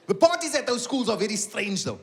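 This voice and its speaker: A man's voice: sits high, vocal fry. A middle-aged South African man doing live stand-up, telling stories with acted-out voices and asides to the audience. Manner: animated storytelling with acted-out voices and asides to the crowd. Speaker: stand-up comedian. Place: live comedy venue with an audience. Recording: loud live crowd and background noise. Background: audience laughter and applause.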